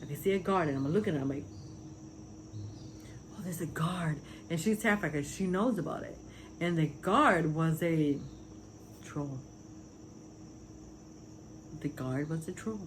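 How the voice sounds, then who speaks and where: A woman's voice: deep voice, animated, normal speed, pauses often. Earnest rambling woman, faint hiss. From Puerto Rico. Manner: rambling, filler-heavy, earnest. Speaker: vlogger sharing spiritual visions. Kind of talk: casual testimony.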